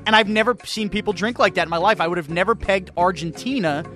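High-voiced easygoing male co-host. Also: quick pace, bright, forceful tone, faint music behind. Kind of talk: casual sports radio banter.

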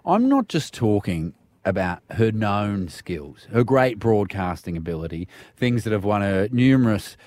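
A man's voice: fairly low pitch, sing-song, darkish tone, no room sound. Teasing male radio host. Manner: teasing, egging on, quick laughs. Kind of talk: breakfast radio banter.

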